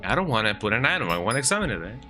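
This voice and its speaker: Chatty man with a bright, forceful voice. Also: fairly low pitch, big pitch swings, racing, soft background music. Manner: rambling, chatty, tags sentences with "eh?". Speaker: streamer. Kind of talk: casual gameplay commentary. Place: home, at a computer.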